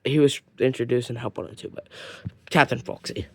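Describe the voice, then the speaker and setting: A man's voice: medium pitch, steady tone, normal speed, no echo. A man from Ireland talking through his toy collection in a loose, rambling way. He fills his sentences with fillers and restarts, and now and then drops almost to a whisper before picking back up. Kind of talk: casual collection show-and-tell.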